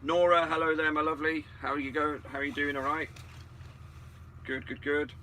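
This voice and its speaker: A man's voice: a little high, little pitch movement, fairly quick, pushed and bright, slight background noise. A man co-hosting a livestream in a casual, sarcastic style, greeting viewers one by one. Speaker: livestream co-host. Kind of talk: casual live chat. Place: indoors, in a vehicle.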